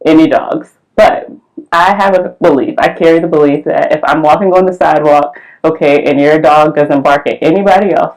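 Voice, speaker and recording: With a low voice over poor audio, a woman co-hosting a podcast shares stories in casual conversation. She tells them with animation and acts out the quotes.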